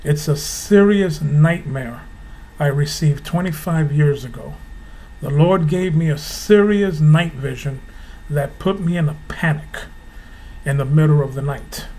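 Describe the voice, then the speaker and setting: A middle-aged man hosting a religious video gives an impassioned, preachy monologue to camera, slowly hammering home rhetorical questions with emphasis. His pitch is fairly high, his tone dark.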